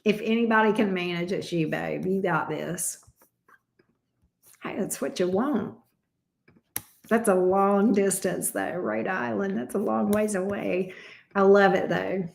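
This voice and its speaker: A woman's voice: mid-range voice, expressive, unhurried, gravelly, pauses often, roomy sound. A woman giving tarot readings on a livestream, casual and affectionate, calling her viewers babe and sweetie and swearing lightly. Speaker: tarot reader.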